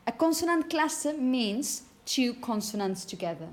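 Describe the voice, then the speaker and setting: A woman teaching phonetics to a class, repeating example words slowly and checking understanding with frequent "okay?". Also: high voice, big pitch swings. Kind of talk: classroom lecture.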